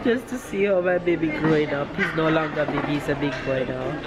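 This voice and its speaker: A woman's voice: low voice, brisk, very noisy. A woman in her thirties with a Jamaican accent, vlogging in a store, emotional and tearful as she talks. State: teary, crying at times. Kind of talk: casual vlog talk to camera. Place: busy store, indoors.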